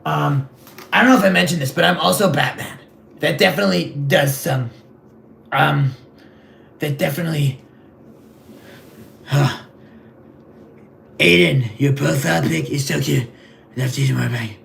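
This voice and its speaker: A man playing a vain, clueless rich male superhero in a comedic livestream sketch, rambling in a deadpan, gravelly voice. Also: fairly high pitch, moderate pace, long pauses, slight background noise. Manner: rambling, deadpan, self-absorbed.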